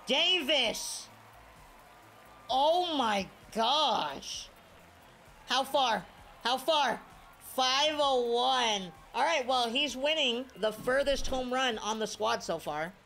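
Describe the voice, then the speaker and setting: A young man giving live commentary over his own gameplay, swinging from quiet mutters to sudden shouts. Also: extremely high pitch, expressive, slow pace, vocal fry, faint music behind. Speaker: gaming video creator.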